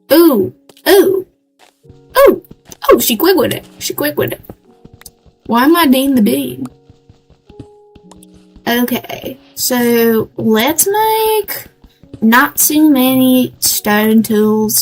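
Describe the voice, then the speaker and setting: A woman's voice: high-pitched, animated, takes it slowly, faint music behind, low-quality recording. A woman streamer chatting playfully through a let's play in a put-on American Southern drawl, talking to herself as she goes. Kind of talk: casual let's-play chat.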